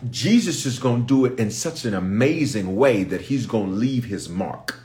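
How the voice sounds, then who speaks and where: A bishop with a lowish, dark-toned voice teaches from the Bible at a moderate pace, animated throughout, on an impromptu live stream. Emphatic and repetitive, he keeps pleading for his listeners' attention while growing more intense.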